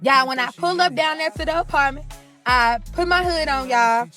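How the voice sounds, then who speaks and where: A woman's voice: high-pitched, normal speed, bright, forceful tone, faint music behind. Chatty St. woman telling a story. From St. Louis, USA. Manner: chatty, profane, keeps addressing the audience as y'all. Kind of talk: casual storytime monologue.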